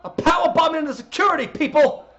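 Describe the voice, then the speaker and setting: A man doing an impression of an excitable male wrestling commentator, yelling as he calls each move. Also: very high voice, fast, pitched above the performer's own voice. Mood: frantic. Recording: muffled lo-fi audio.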